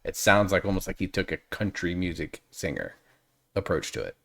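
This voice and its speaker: A man's voice: low-pitched, big pitch swings, moderate pace, vocal fry, a bit bright. A man hosting a reaction video, chatting casually and analytically and drifting off on tangents.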